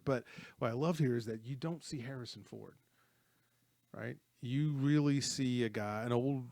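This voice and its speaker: Male co-host, lively scene-by-scene storyteller, dry close-miked voice. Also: medium pitch, creaky, no echo. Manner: animated storyteller, retells scenes with acted quotes. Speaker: co-host of a movie talk show. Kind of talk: casual movie chat.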